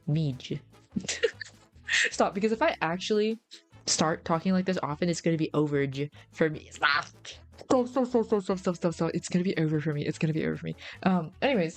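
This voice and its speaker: A young woman streamer chatting casually to her viewers in a playful, rambling way. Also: lowish voice.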